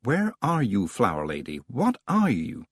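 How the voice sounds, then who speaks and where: A man voicing a faint, whispering male winter spirit, speaking slowly and eerily. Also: medium pitch, wildly swooping pitch, husky, no room sound, studio quality, heavily acted. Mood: eerie coaxing.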